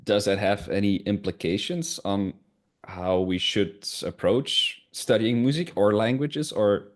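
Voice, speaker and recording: A man hosts a relaxed interview in a fairly low voice. He mostly offers short agreements. He then asks open, searching questions with a few "um"s. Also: a little slow. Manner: brief affirmations and searching questions. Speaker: podcast host. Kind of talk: casual interview.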